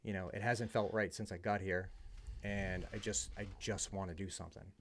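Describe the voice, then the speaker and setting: Middle-aged man, from the US, gravelly fry, low voice, candid conversational storyteller. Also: fairly even intonation, moderate pace, a little hiss or hum. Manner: candid, conversational, drops to a hush at emotional moments. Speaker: podcast guest. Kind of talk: casual storytelling.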